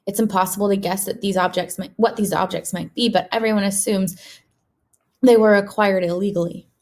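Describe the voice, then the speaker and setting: A woman teacher reads a children's novel aloud, steady and clear. Her narration is paced for young listeners following along. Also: mid-range voice, a little fast. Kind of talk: read-aloud storybook narration.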